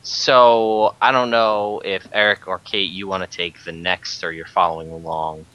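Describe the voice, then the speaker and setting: A man's voice: sits low, level tone, unhurried, sharp tone, smooth, dry recording, lo-fi sound. A man hosting a podcast, easygoing as he hands turns to the guests. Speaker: podcast host. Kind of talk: casual podcast chat.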